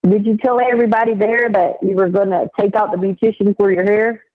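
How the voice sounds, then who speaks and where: A woman's voice: medium pitch, steady tone, a little fast. A woman in a laid-back, teasing phone chat about her day. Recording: tinny prison phone line.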